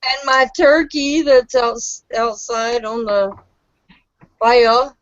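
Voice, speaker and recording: A woman's voice: fairly high pitch, takes it slowly, no room sound. A woman guest chatting on a live stream, laughing often and telling home stories. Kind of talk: casual live-stream chat. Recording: dull lo-fi stream audio.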